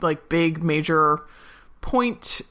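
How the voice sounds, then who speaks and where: Speaking extremely slowly and expressively, a podcast co-host recaps a television episode in relaxed conversation. The voice is bright and forward at a middling pitch. Chatty and quick to laugh, the host performs lines of dialogue along the way.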